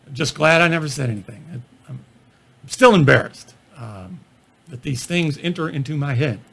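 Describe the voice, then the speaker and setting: A man's voice: fairly high pitch, normal speed, creaky, slightly rough. A middle-aged man, a physician, telling self-deprecating travel stories as examples in a talk on comedy. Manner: self-deprecating storyteller, relaxed asides. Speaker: physician lecturing on stand-up comedy. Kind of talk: anecdotal presentation.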